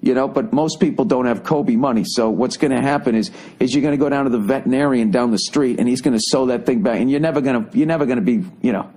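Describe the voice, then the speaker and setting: A middle-aged man hosting a podcast, telling a story as a profane comedic rant that swings into loud, exasperated outbursts. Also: mid-range voice, fast, hardly any pauses. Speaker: podcast host.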